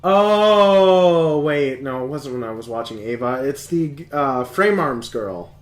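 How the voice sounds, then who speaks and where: A man's voice: mid-range voice, animated, slow pace, roomy sound, faint music behind. A man hosting a live stream, chatting casually, rambling and laughing often. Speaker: streamer host.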